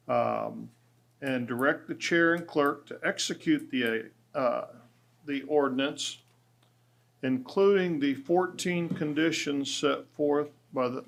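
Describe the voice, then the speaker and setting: Man, commissioner, unhurried, many ums, formal motion. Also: fairly high pitch, vocal fry. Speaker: county commissioner. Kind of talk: meeting motion, halting with fillers. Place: county commission chamber.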